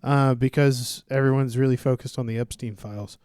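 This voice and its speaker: A man co-hosting a podcast in casual joking chat, a few beers in and quick to burst into loud laughs. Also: mid-range voice, steady tone, clean tone, dry recording, clean studio sound. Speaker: podcast co-host.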